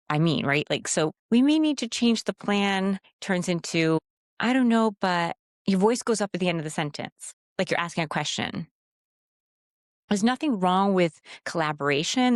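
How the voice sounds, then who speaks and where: A woman's voice: medium pitch, dry recording, clean studio sound. A woman giving a direct, emphatic faith-based talk on speaking with authority, sometimes acting out timid phrasings in a raised voice. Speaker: Christian speaker and coach. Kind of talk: teaching monologue on speaking with authority.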